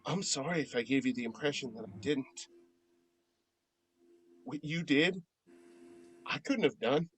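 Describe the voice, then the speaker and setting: An actor playing an earnest male friend who pleads with feeling, swinging between soft and loud, in an amateur virtual stage play. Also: on the high side, expressive, unhurried, pauses often, poor audio. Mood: tender.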